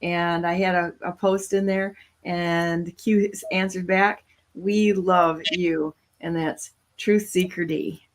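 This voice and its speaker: A woman hosting a talk show, telling a story in a lively, casual way, laughing often and acting out what other people said. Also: on the low side, a little slow, few pauses. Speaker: show host.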